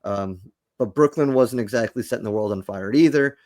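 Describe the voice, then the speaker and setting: A man's voice: medium pitch, moderate pace, a little mellow, dry recording, clean studio sound. A man co-hosting a sports podcast, bantering and breaking down the game in a joking, casual way. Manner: joking, self-promoting banter. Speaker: podcast co-host.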